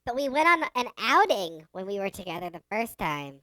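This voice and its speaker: A woman's voice: medium pitch, big pitch swings, a little fast, pushed and bright, dry recording, low-quality recording. A young woman co-hosting a podcast in casual chat, trying to tell a story, laughing often and getting exasperated at interruptions. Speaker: podcast co-host.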